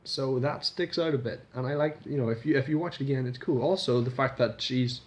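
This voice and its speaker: Man, vlog review, rambling, casual swearing, mid-pitched voice. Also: fairly quick, a little mellow. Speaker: video reviewer.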